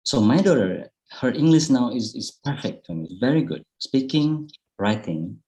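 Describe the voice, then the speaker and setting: A middle-aged Indonesian man with an Indonesian accent gives an online public speaking talk over a video call as a guest speaker, chatty and full of fillers and restarts. His mid-range voice is dark and expressive at normal speed, and the recording is rough.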